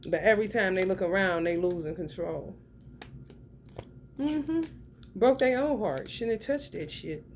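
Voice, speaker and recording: A young woman reads tarot in a loose, unscripted way, cursing freely and leaning on slang. Her voice sits at an ordinary pitch, and a faint hiss of noise runs under it. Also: expressive, a little slow, long pauses. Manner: blunt, profane, slangy, swings between loud and muttered. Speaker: tarot reader. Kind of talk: casual spoken tarot reading.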